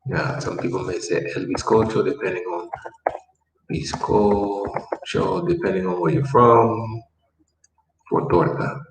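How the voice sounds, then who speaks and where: This language lesson features a deep male voice with fairly even intonation and a moderate pace. He teaches Spanish patiently, repeating words and explaining step by step, captured in an echoey room by a distant mic with faint noise behind him.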